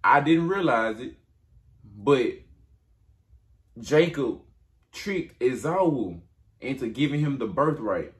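A man's voice: medium pitch, expressive, takes it slowly, pauses often. A man casually retelling a Bible story to listeners in a conversational way.

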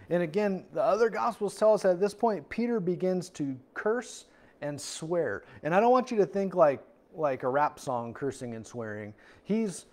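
Man, pastor, church sermon, chatty, acts out voices, slightly high voice. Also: animated, unhurried, a little mellow. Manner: conversational, acts out quotes with voices. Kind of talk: expository sermon.

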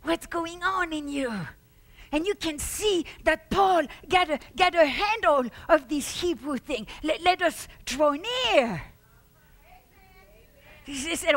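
Fervent high-voiced woman preacher. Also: expressive, slow. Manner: fervent preaching with shouts and exclamations; repeats words for emphasis. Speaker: pastor. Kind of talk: sermon.

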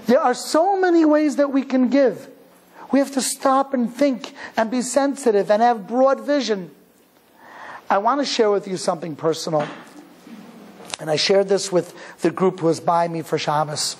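A man's voice: high voice, normal speed, a little mellow. A man from Cleveland, Ohio, a rabbi telling a personal story in a sermon, speaking in an emphatic, earnest way and repeating phrases for emphasis. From Cleveland, Ohio, USA.

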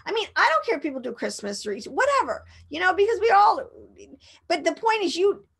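A woman's voice: very high-pitched, big pitch swings, quick pace, gravelly, a bit bright. A woman giving an informal Bible teaching, rambling and emphatic, with frequent restarts.

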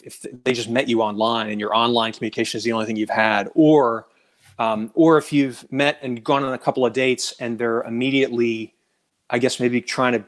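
A man speaking as a guest in a casual conversation, weighing his words with frequent restarts and fillers. His voice sits at an ordinary male pitch. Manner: thoughtful, hesitant with restarts. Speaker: guest on a dating advice show. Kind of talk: casual chat, personal anecdotes.

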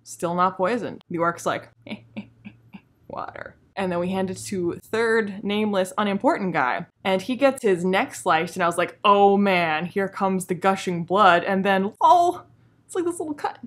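A woman hosting a comedic review vlog, talking with dry, sarcastic, deadpan humor. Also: medium pitch, moderate pace. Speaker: video host reviewing a show.

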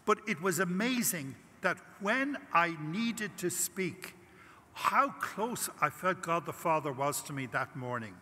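A man's voice: high voice, lively intonation, unhurried, bright, forceful tone, breathy edge. An older Irish priest giving a conference talk, telling a personal story and acting out his prayers with animation. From Ireland. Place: large conference hall. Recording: long hall reverb.

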